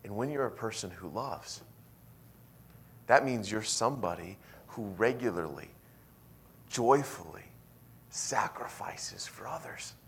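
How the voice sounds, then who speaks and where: A man pastor preaching a sermon in a church, telling a story with animated swings from hushed, intimate lines to loud, emphatic ones. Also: on the low side, unhurried, gravelly, pauses often.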